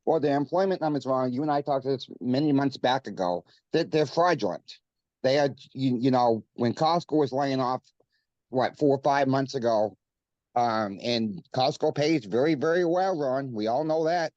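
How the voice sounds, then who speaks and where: A man's voice: mid-range voice, moderate pace, darkish tone, no echo. Male guest, Maine accent, earnest, rambling, dry muffled sound. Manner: earnest, repeats the host's name, many fillers. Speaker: coin shop guest. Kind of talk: casual interview chat.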